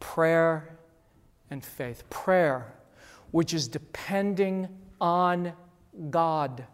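A man preaching a Sunday sermon as pastor, emphatic and repetitive, swinging between loud declarations and hushed lines. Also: high voice, very slow, clear, resonant tone. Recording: long church-hall reverb.

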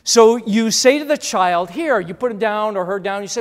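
A man preaching a Sunday sermon as pastor, emphatic and repetitive, swinging between loud declarations and hushed lines. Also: high-pitched, animated, a little fast, few pauses. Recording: long church-hall reverb.

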